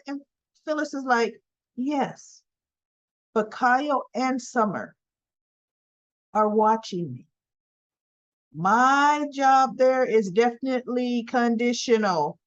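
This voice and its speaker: A woman's voice: on the high side, muffled recording. A woman casually recapping a soap opera episode, animatedly quoting the characters' lines in lifted voices.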